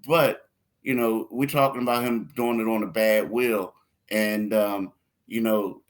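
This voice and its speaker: A man's voice: lowish voice, steady tone, a little slow. Man chatting loosely on a sports podcast. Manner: rambling, repeats words, laughs while telling stories. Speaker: podcast co-host. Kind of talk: casual sports podcast talk.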